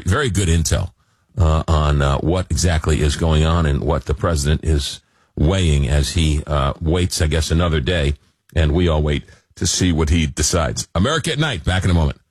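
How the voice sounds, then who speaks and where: A man's voice: rumbling low, husky, no echo. A man hosting a late-night radio talk show, interviewing guests and wrapping up segments.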